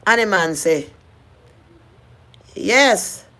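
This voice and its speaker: A woman's voice: fairly low pitch, a little fast, a bit bright. A middle-aged woman with a Jamaican accent, telling her own life story in earnest patois, often repeating and restarting her phrases. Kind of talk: personal storytelling.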